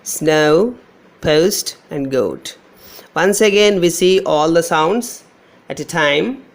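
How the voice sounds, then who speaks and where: Indian english teacher guy, telugu accent, real slow, gravelly voice, says each sound over and over. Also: fairly high pitch, animated. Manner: slow, drawn-out modelling of each sound, repeating words. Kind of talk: pronunciation lesson.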